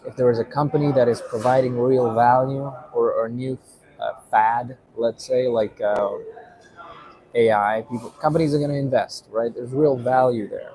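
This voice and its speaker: A man's voice: mid-range voice, steady tone, moderate pace, warm tone, low-quality recording. A man giving a casual explainer monologue, rambling with many fillers and tagging points with "right?". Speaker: vlogger.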